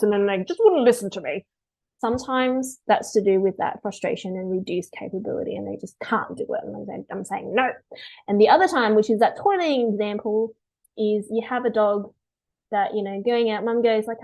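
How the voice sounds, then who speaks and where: Woman dog behaviourist chatting on a webinar, lively, quick little quotes of owners. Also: mid-range voice, low-quality recording. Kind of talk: webinar talk.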